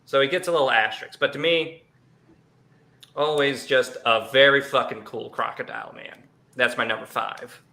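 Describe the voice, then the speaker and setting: Bright-voiced laid-back man. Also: medium pitch, steady tone, moderate pace, vocal fry. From Southeast Missouri. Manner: laid-back, explains at length with asides. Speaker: podcast co-host. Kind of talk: casual chat.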